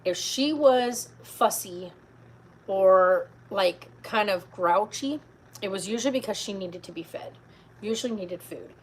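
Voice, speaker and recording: A woman's voice: mid-range voice, unhurried, a little hiss or hum, rough recording. A middle-aged woman vlogging in a casual, rambling chat, tired and full of fillers, talking from a car.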